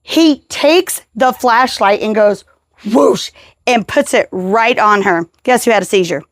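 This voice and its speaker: A woman's voice: a little high, unhurried, no echo, studio quality. A woman hosting a podcast, talking earnestly and with emphasis as she shares her own experience. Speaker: podcast host. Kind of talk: casual interview chat.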